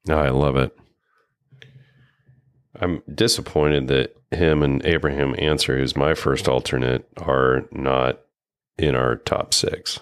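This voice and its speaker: A man's voice: very deep voice, fairly even intonation, takes it slowly, smooth. A man co-hosting a golf podcast, upbeat and teasing as he talks through betting picks. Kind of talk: casual chat.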